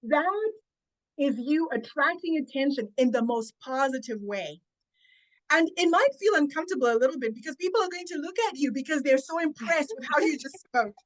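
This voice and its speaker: A woman who coaches public speaking, giving emphatic, deliberate advice as a podcast guest. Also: high voice, expressive.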